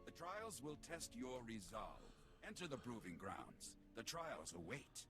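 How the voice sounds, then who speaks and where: Solemn alien gatekeeper, gravelly, swings his pitch widely, game music under. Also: sing-song, measured pace. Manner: grave, ceremonial.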